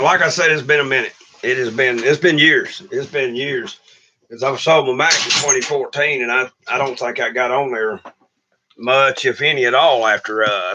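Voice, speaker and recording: A man's voice: medium pitch, bright, forceful tone. A middle-aged man who hosts a channel and drives trucks, telling stories in a blunt, profane, complaining rant to his viewers. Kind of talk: casual livestream rant.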